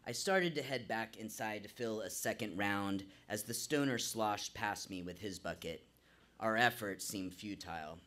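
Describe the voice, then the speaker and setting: A man's voice: fairly low pitch, a bit bright. A man performing a live true story on a small venue stage, narrating vividly and theatrically into a stage microphone.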